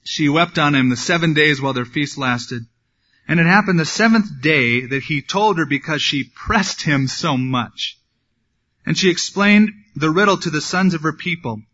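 Male pastor, slightly high voice, bright tone, casual Bible teaching with wry asides, dull lo-fi recording. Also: normal speed. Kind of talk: sermon.

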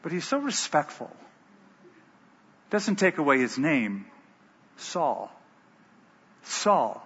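A man's voice: on the high side, huge pitch swings, measured pace, a bit bright, slightly rough. A man preaching a sermon who tells stories with emphatic delivery. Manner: storytelling, emphatic. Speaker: pastor. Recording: dull, echoey hall.

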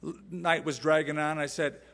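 A male pastor delivers an expository sermon with emphatic, lively conviction, peppering it with rhetorical questions. His voice sits a bit higher than most men's and rings through a large church with a long hall reverb. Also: moderate pace.

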